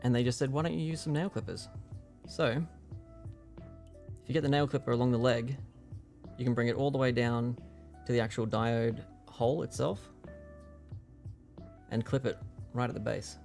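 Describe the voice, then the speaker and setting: A man's voice: mid-range voice, fairly even intonation, unhurried, creaky, pauses often, darkish tone, faint music behind. A young man casually explaining a keyboard build on a livestream, rambling with lots of fillers. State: hiccuping.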